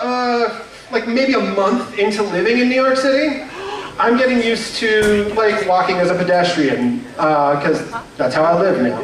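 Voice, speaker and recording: A man's voice: high-pitched, noisy background. A young man doing a stand-up comedy set on a club stage, telling stories in a nervous, self-deprecating way full of fillers and restarts. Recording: echoey room, mic heard from a distance.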